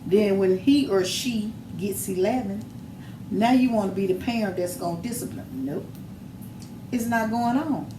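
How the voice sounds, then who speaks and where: A middle-aged woman speaks in casual podcast chat with an emphatic, sermon-like push to her storytelling. The room is echoey, and steady background noise sits under her voice. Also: medium pitch, moderate pace. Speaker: podcast guest, mother.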